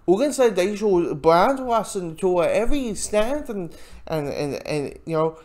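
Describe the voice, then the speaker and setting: Haughty German villainess who rants in a halting way, put on by a casual reviewer. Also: mid-range voice, sing-song, darkish tone, voice pushed up. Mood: ranting. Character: haughty female superhero villain, fierce supremacist.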